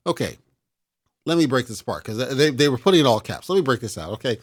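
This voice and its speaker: A man's voice: mid-range voice, expressive, racing. A man hosting a casual talk show, giving blunt, exasperated opinions in a lecturing rant.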